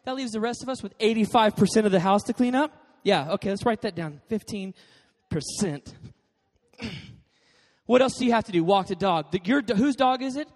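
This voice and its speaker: Male pastor, high voice, lively jokey sermon storyteller, echoing church hall. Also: normal speed. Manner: animated, joking storyteller. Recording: long hall reverb.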